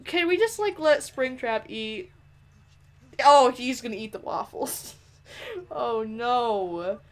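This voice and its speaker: Giggly, animated woman commenting on a game. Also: on the high side, takes it slowly. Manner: playful, giggly, teasing the game characters; talks straight to the characters on screen. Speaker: let's play host. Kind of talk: gameplay commentary.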